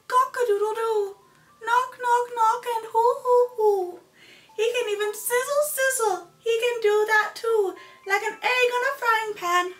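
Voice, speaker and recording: A woman reading a children's storybook in a strange, high, put-on voice, making exaggerated sound effects in a slow sing-song delivery. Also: a bit bright, recorded from a distance, full character voice.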